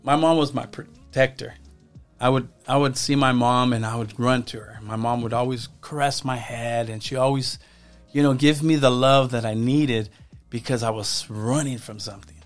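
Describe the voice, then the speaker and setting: A man speaking as a podcast guest, telling his life story in a halting way and often repeating his words. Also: mid-range voice, steady tone, soft background music. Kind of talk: personal testimony in casual conversation.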